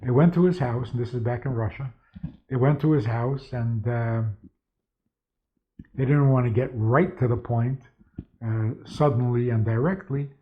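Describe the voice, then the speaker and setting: A man's voice: medium pitch, measured pace. A man who is a rabbi, giving a spoken lecture with stories and asking rhetorical questions. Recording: tinny phone-like sound.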